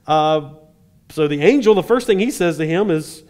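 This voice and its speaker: Casting: a male preacher with a slightly high voice, casual and wry, telling a scripture story to a congregation. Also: moderate pace. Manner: conversational, animated retelling with dry humor. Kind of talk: sermon.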